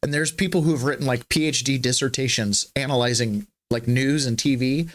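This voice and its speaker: A man's voice: mid-range voice, brisk. Wry rambling male podcast host. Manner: wry, rambling, mocks clips. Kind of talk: casual political commentary.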